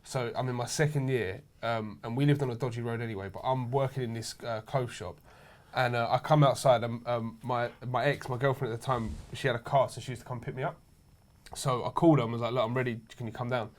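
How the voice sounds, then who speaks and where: A man's voice: mid-range voice, fairly even intonation, fast talker. A young man telling rowdy anecdotes in casual chat, swearing freely and laughing as he goes. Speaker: show regular.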